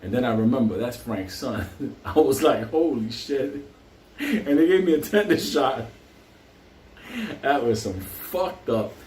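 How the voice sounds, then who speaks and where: A man's voice: mid-range voice, expressive, a little slow, long pauses, a little mellow. A man hosting his show, telling a story in a casual, rambling, heavily profane way and laughing often. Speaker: host. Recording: roomy, distant, faint hiss.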